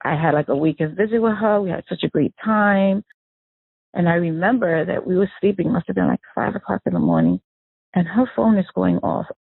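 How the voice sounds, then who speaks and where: A woman tells her late sister's story, slipping into the voices of the people she quotes. Her voice is gravelly and husky, with a dry, close sound. It comes through a narrow, tinny phone line. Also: fairly low pitch, a little fast, dry recording. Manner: animated storyteller who acts out quoted dialogue. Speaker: victim's sister, interviewee. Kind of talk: emotional first-person recollection.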